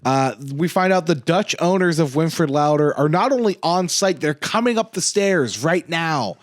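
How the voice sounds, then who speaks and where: Man, slightly higher voice, dry close mic; laid-back podcast co-host. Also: normal speed, no room sound. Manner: relaxed, loose, swears casually. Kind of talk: casual chat recapping a sitcom episode.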